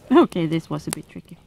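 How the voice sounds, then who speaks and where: Lively Swedish woman vlogging outdoors. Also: on the high side, vocal fry, narrow, tinny audio, slight background noise. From Sweden. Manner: exclaiming and chatty, talks to viewers. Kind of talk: casual vlog commentary while cooking. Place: outdoors in winter by a campfire.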